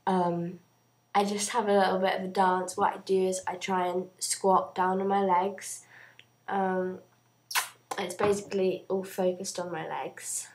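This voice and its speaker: A young woman talks unhurriedly to her camera in a relaxed video diary. Her delivery is slow and rambling, with frequent "um"s as she gathers her thoughts, at a mid-range pitch for a woman. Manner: chatty and rambling, full of "um"s. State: out of breath. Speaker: vlogger.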